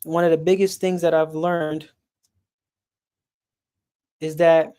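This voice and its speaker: A man speaking earnestly in a casual, personal way, his voice sitting a little higher than most men's. His delivery stays level and unvaried, and he often repeats a word or two as he searches for what to say next. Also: little pitch movement, slow pace, warm tone, clean tone. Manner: earnest, repeats words while searching for them. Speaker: speaker on a sports and mental health stream.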